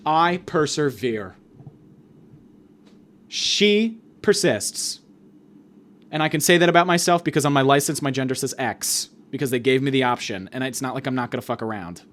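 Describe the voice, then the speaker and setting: A man's voice: medium pitch, fast, hardly any pauses, a bit bright. A young man hosting a podcast, ranting in a mock-grandiose comedic monologue with sudden swings in volume. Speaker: podcast host.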